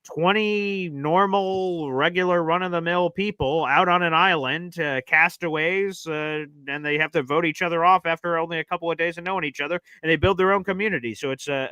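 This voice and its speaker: A man's voice: a little high, bright, forceful tone, clean tone, no echo. A man co-hosting a live sports talk stream, upbeat and promotional, with plenty of fillers. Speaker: co-host of a sports talk show. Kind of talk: casual live-stream chat.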